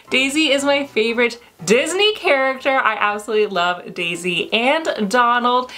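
Woman, excitable unboxing vlogger, unhurried talk, faint music underneath. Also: on the high side. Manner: gushing and excitable, squeals with delight. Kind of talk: casual unboxing chat to viewers.

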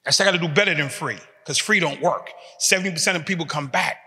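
A man's voice: on the high side, fast talker, bright, forceful tone. A man, giving an emphatic motivational talk built on repeated short phrases. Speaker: speaker giving a talk to prisoners. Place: large hall in a prison. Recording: long reverb of a large hall.

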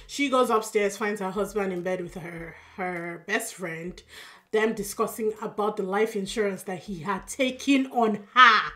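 A woman with a Yoruba-accented lilt talks through a drama episode in a loose, chatty recap. She sounds tired but stays expressive, with plenty of fillers and asides along the way. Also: mid-range voice, unhurried. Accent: Yoruba-accented English. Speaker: drama reaction YouTuber. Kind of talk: casual recap.

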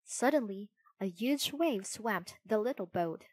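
Slow, expressive woman storyteller. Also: a little high, no room sound. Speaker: narrator. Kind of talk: children's storybook reading.

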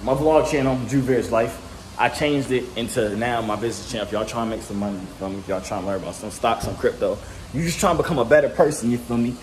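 A man's voice: mid-range voice, quick pace. Teasing young man vlogging at home. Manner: playful teasing, slangy. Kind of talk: casual vlog chat. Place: home, indoors. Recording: echoey room, faint noise.

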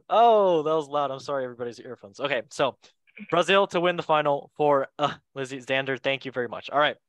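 A man hosting a casual chat, playful and joking with quick asides. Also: fairly high pitch, clear, resonant tone, dry recording. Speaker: host.

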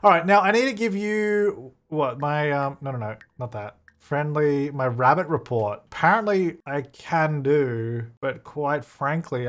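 A man's voice: medium pitch, a bit bright. A young man giving casual gameplay commentary, chatty, laughing often and talking back to the characters on screen. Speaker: gaming YouTuber.

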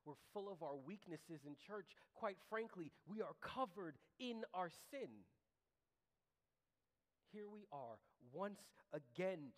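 Guy pastor preaching, repeats his lines, goes quiet then builds up, long church-hall echo. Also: high-pitched, expressive, slow pace. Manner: impassioned preaching with repeated refrains, dropping to quiet then rising. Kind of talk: sermon.

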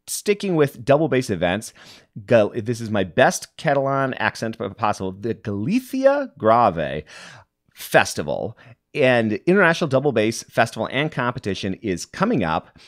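A man hosting a podcast in a chatty, upbeat way, tossing in quick asides as he goes. His pitch swings up and down a great deal, animated and expressive. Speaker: podcast host. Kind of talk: casual news rundown.

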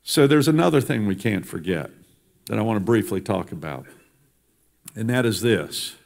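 In a church sanctuary, a politician speaks emphatically to the congregation, building his points through repetition. His voice is fairly low and creaky, expressive, and at a normal speed.

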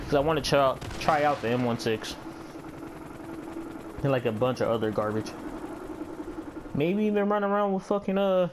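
A gamer and channel host with a slightly high voice gives casual, profane commentary as he plays, muttering to himself and running himself down. Background music plays and the background is noisy.

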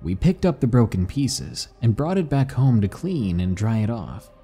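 Man, husky dark voice, lively pitch, scripted ghost story narration, faint music underneath. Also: moderate pace. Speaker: podcast narrator.

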